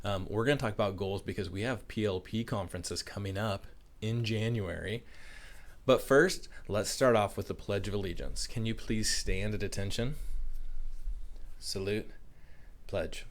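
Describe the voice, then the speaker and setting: A man leading a morning school assembly for young children, upbeat and encouraging, talking fast. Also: fairly low pitch. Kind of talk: morning announcements to young students.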